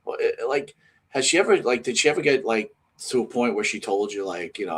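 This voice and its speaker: A male co-host with a lowish voice leads the conversation excitably. He often stumbles and restarts his sentences. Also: fairly quick, slightly rough. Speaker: podcast co-host. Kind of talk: conversational interview.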